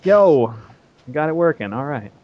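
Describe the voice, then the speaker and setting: A man's voice: fairly high pitch, big pitch swings, measured pace. Laid back michigan guy on a call, dry, audio a bit dull. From Michigan, USA. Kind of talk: casual group call chat.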